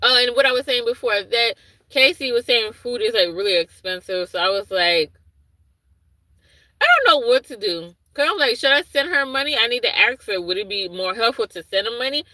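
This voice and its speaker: A woman's voice: on the high side, animated, a little fast, bright, forceful tone, no room sound, low-quality recording. A woman chatting casually on a livestream, rambling and losing her thread as she answers viewers' comments. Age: adult with a young son. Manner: reads and answers chat comments aloud. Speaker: livestream host.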